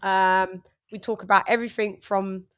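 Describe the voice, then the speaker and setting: A young British woman chats easily on her own boxing livestream, reading out viewers' comments and laughing along with them. Her voice sits at a middle pitch for a woman, relaxed and conversational. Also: normal speed, clear, resonant tone. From United Kingdom. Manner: chatty, laughing, shouting out viewers.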